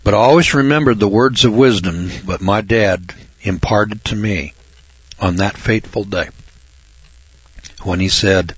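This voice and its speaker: Older husky-voiced man telling a folksy story. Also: lowish voice, a little slow, long pauses. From Northern California. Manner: folksy, repeats words for emphasis. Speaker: reporter. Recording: dull lo-fi recording.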